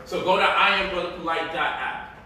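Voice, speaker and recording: A man with a fairly high, bright, forceful voice hosts a casual livestream from indoors at home, teaching stock investing in a loose, joking, slangy way. He talks briskly with fairly even intonation, and the recording is echoey, with a distant mic and a little hiss or hum.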